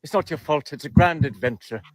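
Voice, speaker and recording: A man's voice: a little high, a little fast, no echo, lightly acted. A man putting on an impression of a manic, rambling male comedian in a jumpy, wheedling manner.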